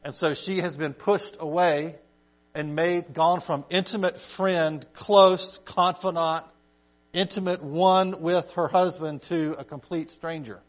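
A man's voice: fairly high pitch, slow. Conversational male Bible teacher. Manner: conversational, checks in with "okay?" and "right?", animated emphasis. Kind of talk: casual Bible study teaching.

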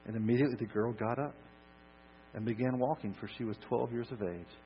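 Expressive preacher, lo-fi hum. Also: male voice, mid-range voice, a little fast. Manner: expressive, swings from loud emphasis to soft near-whisper. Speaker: pastor. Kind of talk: sermon. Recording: dull lo-fi recording with mains hum.

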